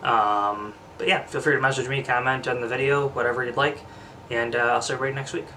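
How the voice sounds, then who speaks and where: A man's voice: mid-range voice, fairly even intonation, quick pace, pushed and bright, far from the mic, slight background noise. A young man chatting casually to his vlog audience, out of breath, rambling with lots of fillers, restarts and the odd curse word. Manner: rambling, frequent fillers and restarts, occasional swearing. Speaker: vlogger.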